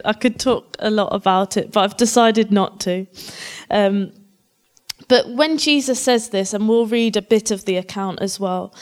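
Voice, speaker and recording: A woman reading Bible passages aloud and breaking off now and then with personal comments, like a preacher in a talk. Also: mid-range voice. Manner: reads scripture aloud, breaks off for warm personal asides.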